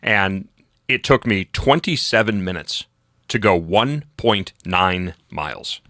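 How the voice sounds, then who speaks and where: A man's voice: low voice, expressive, slow pace, pushed and bright, no echo, studio quality. A man hosting a political talk radio show, ranting sarcastically in a casual chat with many restarts. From New England.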